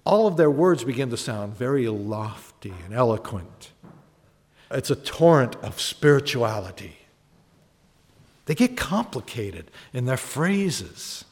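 A man's voice: medium pitch, very animated, slow pace. A man preaching a sermon as a pastor, talking conversationally, asking the congregation questions and acting out honest prayers. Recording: long hall reverb.

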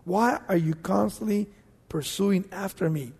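A male preacher voicing a young man who earnestly pleads with an angry king, raising his pitch a little. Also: measured pace, a little mellow, slightly rough, heavily acted. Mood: pleading. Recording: long reverb of a large hall.

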